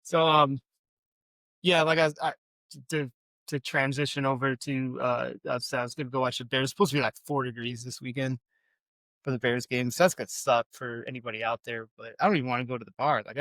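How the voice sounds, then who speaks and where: The man co-hosting this podcast talks briskly with a medium pitch and fairly even intonation, his tone a bit bright and the recording dry. His casual chat rambles and is self-deprecating, peppered with fillers and restarts.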